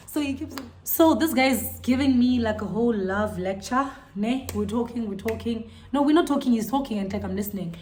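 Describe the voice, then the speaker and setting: A young woman, telling a storytime vlog to her viewers in an animated, incredulous way. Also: a little high, fairly quick, a little hiss or hum. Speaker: vlogger. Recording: echoey room.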